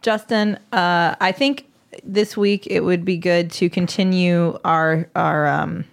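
A woman's voice: fairly low pitch, fairly even intonation, slow pace, gravelly. A woman doctor co-hosting a podcast, explaining things casually with some hesitations and teasing. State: recovering voice after illness. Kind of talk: casual chat.

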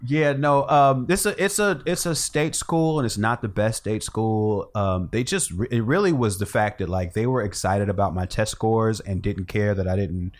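A man from Chicago, a rapper guest, telling stories in a relaxed, wry, self-deprecating way. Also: lowish voice, moderate pace, few pauses. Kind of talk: casual interview.

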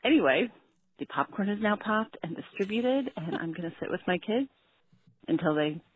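A woman's voice: mid-range voice, animated, normal speed, a little hiss or hum. A woman co-host telling a casual story from home, laughing at herself as she goes. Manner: self-deprecating, laughing storyteller. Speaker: podcast co-host. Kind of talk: casual check-in monologue. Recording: tinny phone-like line.

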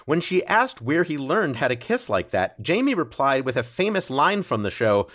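A playful man hosting a trivia quiz. His pitch sits a little high and swings widely as he reads out questions. He laughs often between lines. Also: big pitch swings, moderate pace, few pauses, fairly bright tone. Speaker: quiz show host. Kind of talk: hosting a comedy trivia podcast.

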